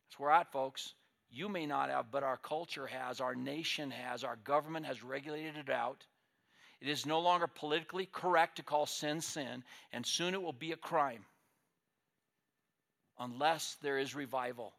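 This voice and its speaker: A male pastor preaching a sermon, swinging between loud declarations and quiet asides. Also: mid-range voice, moderate pace, vocal fry.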